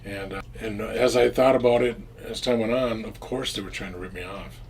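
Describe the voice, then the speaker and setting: A man's voice: lowish voice, steady tone, moderate pace, a crowd in the background. A man casually telling a story from his own past, rambling with restarts and frequent swearing. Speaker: storyteller recounting his past as a drug dealer.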